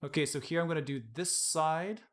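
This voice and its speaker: A man casually explaining his work on a live-streamed software tutorial, chatting and laughing at his own slips. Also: a little high, brisk. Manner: casual, laughs often, self-deprecating.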